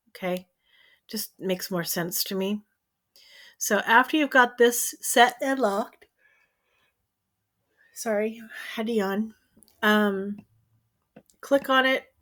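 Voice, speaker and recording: A woman walks the viewer through a craft tutorial at her computer, giving step-by-step instructions in a chatty, easygoing way. Her voice sits at an ordinary middle pitch for a woman. She keeps checking in with the listener as she goes. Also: fairly bright tone. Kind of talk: screen-share tutorial.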